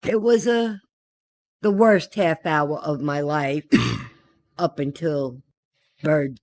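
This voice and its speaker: A woman's voice: low voice, extremely slow, darkish tone, no room sound. An older woman, the host's mother, telling a meandering family anecdote in a casual way. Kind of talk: casual storytelling.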